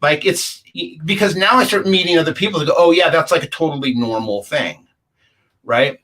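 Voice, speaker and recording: A man's voice: fairly high pitch, moderate pace, sharp tone. Middle-aged man telling a rambling story. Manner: rambling, acts out the dialogue of others. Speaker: guest recounting a UFO encounter. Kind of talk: casual anecdotal storytelling.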